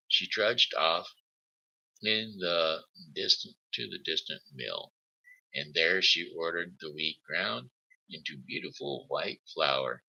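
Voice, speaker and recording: A man reading a children's story aloud on his live show, halting, with slips and restarts. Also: deep voice, creaky, bright, forceful tone, dull audio. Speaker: host.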